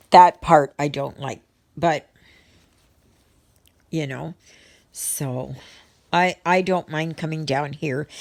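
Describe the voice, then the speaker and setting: Low, slow, gravelly-voiced chatty woman. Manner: rambling, chatty, with many ums and restarts. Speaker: vlogger. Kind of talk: casual chat to viewers while stitching.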